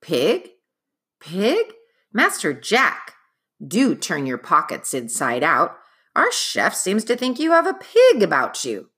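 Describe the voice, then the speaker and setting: Woman playing a polite butler, formal crisp diction, calm and proper, storybook reading. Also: mid-range voice, slow pace, exaggerated voice. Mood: composed. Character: unflappable proper male butler, dry and polite.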